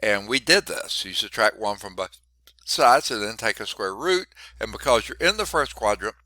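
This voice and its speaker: A man's voice: lowish voice, animated, moderate pace, bright, forceful tone, dry recording. Congested man lecturing on calculus. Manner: stops to clear his throat, wry asides. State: congested, short of breath. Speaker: math instructor. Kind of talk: classroom lecture.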